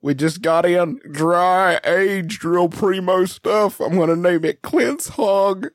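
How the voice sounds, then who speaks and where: A man's voice: high-pitched, slow pace, no echo, studio quality, voice pushed up. A man doing a prank-call voice of a rambling, flustered small-town ham seller. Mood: awkward. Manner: awkward, oversharing, flustered prank-caller rambling. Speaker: prank caller.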